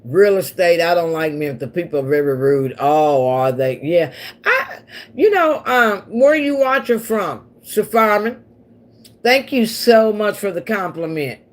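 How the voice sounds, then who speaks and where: With a lowish voice, lively intonation, and an unhurried delivery, a woman hosts a casual livestream and chats loosely with viewers. She laughs often and is from Missouri and Oklahoma in the central US.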